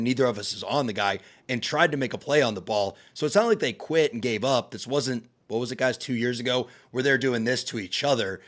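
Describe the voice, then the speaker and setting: A man hosting a casual sports talk show, explaining plays step by step and getting animated when he is excited. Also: mid-range voice. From American South family. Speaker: podcast host. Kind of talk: casual sports analysis chat.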